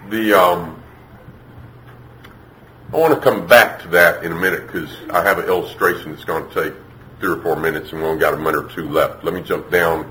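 A man preaching a sermon, emphatic, acting out parents and children in quick put-on voices. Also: low voice, sharp tone, reverberant, a little hiss or hum, poor audio.

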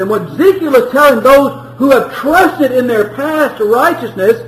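High-voiced earnest male preacher, echoey room. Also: lively intonation, normal speed, fairly bright tone, slight background noise. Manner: earnest, repeats words, rises when pleading. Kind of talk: sermon.

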